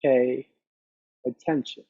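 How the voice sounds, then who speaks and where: A man voicing a calm, kindly male meditation master who speaks quietly and briefly. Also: mid-range voice, slow pace, no echo. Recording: dry, slightly dull recording.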